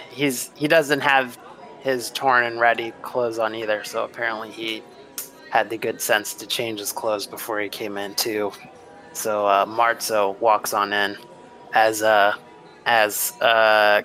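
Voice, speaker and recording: A man's voice: on the low side, bright, forceful tone, poor audio. A man narrating a tabletop game as game master, loose and rambling with many fillers.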